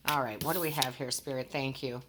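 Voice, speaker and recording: Woman w a low voice doing a tarot reading, earnest, gushy, kinda stumbles over her words. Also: fairly even intonation, brisk, noisy background. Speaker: tarot reader. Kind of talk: casual tarot reading to viewers.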